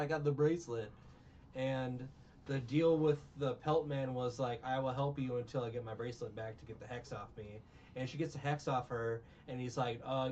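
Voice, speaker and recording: A man's voice: mid-range voice, a little mellow, distant mic, highs cut off, a little hiss or hum. A man recapping a film in casual chat, rambling and sarcastic, with many restarts. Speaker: podcast co-host recapping a film.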